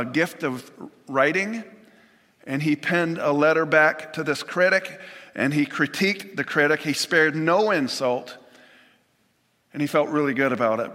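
A man preaching a sermon in an earnest, measured way, quoting scripture and retelling stories. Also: fairly high pitch, pushed and bright, in a large hall. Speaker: pastor.

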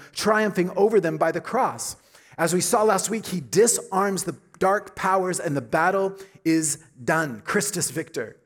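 A middle-aged man preaching a sermon with emphatic delivery, repeating key phrases and building to loud high peaks. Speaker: pastor.

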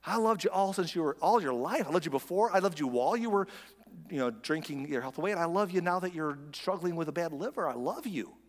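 God as a gentle father, tender and reassuring, put on by a man preaching. The voice is pitched a little higher than his usual speech. It carries the long reverb of a big hall. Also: lively intonation, fast talker, lightly acted.

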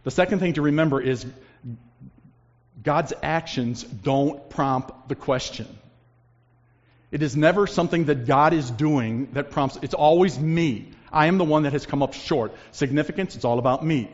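Man preaching a sermon, loud then hushed, big echoey church, kinda muffled. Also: normal speed. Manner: dramatic shifts between loud emphasis and hushed low lines. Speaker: pastor. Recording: long reverb, dull lo-fi sound.

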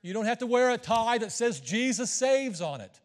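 A high-pitched middle-aged man preaching in a church sanctuary, his voice trailing off into a long hall reverb. He keeps things folksy and conversational, teasing the congregation between points. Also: sing-song, moderate pace. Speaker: visiting missionary preacher. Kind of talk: sermon.

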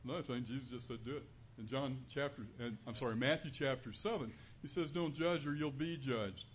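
A man giving an earnest, conversational sermon as a preacher in a church, building to louder emphasis on key points. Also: mid-range voice, fairly quick. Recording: dull lo-fi recording with faint room noise.

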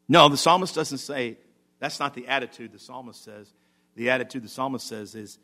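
A man, a pastor, preaching a sermon with animated swings between loud emphasis and quiet asides. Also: medium pitch, moderate pace. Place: church.

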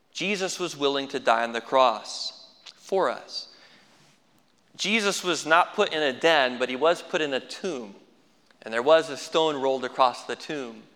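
A man's voice: mid-range voice, bright, forceful tone, big-room sound. A man preaching a sermon as pastor, folksy with dry humorous asides.

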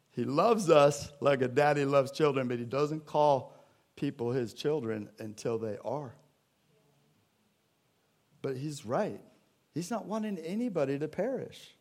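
His mid-range voice is creaky and a little mellow, with lively intonation, an unhurried pace, and long pauses. This pastor preaches in a church sanctuary, talking conversationally with the congregation and acting out Bible scenes in quoted voices.

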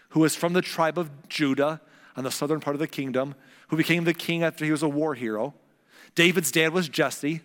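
A man's voice: fairly high pitch, long reverb tail. A man preaching a sermon, retelling scripture in casual modern words and acting out the people in it. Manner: animated, acts out the characters in casual modern speech. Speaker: pastor.

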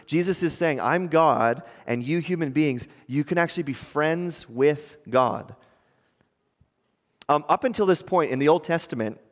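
A man preaching a sermon as a pastor, conversational and animated, often asking the congregation rhetorical questions. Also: a little high, big-room sound.

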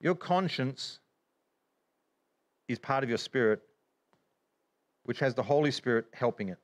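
A man teaching from the Bible in casual chat, animated, with many restarts. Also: medium pitch, unhurried. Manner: animated, acts out regretful inner voices, many restarts.

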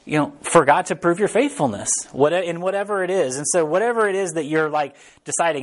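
A man's voice: fairly high pitch, brisk. Man preaching in an easygoing, rambling way. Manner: rambling and informal, often checking in with the audience. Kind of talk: casual conversational sermon.

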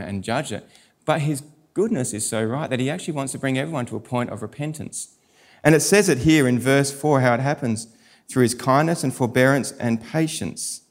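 A middle-aged pastor, preaching a sermon and telling stories with animated quoted voices. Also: male voice, mid-range voice.

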